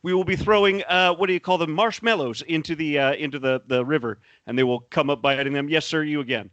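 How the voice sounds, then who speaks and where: A man's voice: fairly high pitch, quick pace, fairly bright tone, dry recording, muffled recording, lightly acted. A man putting on a folksy Southern swamp guide. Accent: put-on Southern US. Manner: drawling, rambling, chummy tour patter.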